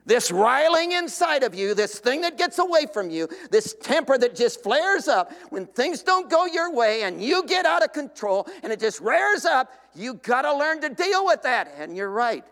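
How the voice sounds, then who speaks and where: An animated pastor preaches, his unusually high voice swinging widely and climbing into shouts for emphasis. Long reverb from the church hall hangs on his words. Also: moderate pace, gravelly, hardly any pauses. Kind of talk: sermon.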